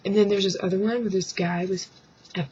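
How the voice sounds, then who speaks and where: A woman's voice: medium pitch, steady tone, brisk, darkish tone, husky. A woman vlogging to her webcam at home, rambling through a joking rant and dropping into mock voices and whispered asides. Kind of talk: casual comic rant to camera. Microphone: webcam microphone. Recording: dull lo-fi webcam sound.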